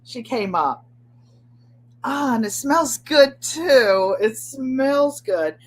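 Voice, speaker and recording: Older woman, crafts channel host, slow and rambling casual chat, breathy voice. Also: high voice, expressive. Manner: rambling and chatty, repeats phrases.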